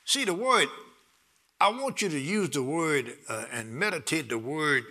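A middle-aged man preaching a sermon, excitable, repeating words and building to loud bursts with laughter. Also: on the high side, a little slow.

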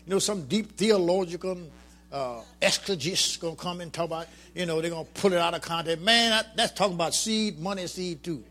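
A man preaching a sermon to his congregation, calling out to the crowd and building to shouts. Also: sits high, fairly quick. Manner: colloquial, drops into vernacular.

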